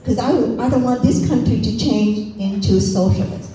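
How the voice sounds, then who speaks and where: A woman's voice: on the high side, normal speed, mellow, soft background music. A woman from Vietnam with a Vietnamese accent, giving a storytelling speech as a candidate at an outdoor rally. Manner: storytelling, acts out dialogue. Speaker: political candidate. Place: outdoor rally in a parking lot. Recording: echoey, distant mic, faint noise.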